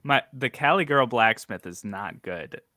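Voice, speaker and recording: A man's voice: medium pitch, animated, a little slow, sharp tone, no echo, studio quality. A man co-hosting a casual reading stream, chatting playfully and laughing often. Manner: playful, laughs often, does joke impressions. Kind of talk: casual chat.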